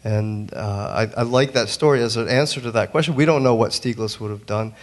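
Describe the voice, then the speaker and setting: A man with a lowish voice speaks on a museum panel. He is a printmaker who tells a long story earnestly, stumbling and restarting often. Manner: halting, many restarts and fillers, earnest. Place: museum auditorium.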